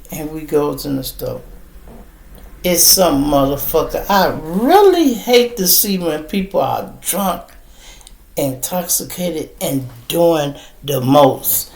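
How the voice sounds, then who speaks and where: A man's voice: on the high side, gravelly, darkish tone. A man, hosting a podcast and telling a street story in casual, profane talk. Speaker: podcast host. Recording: roomy echo.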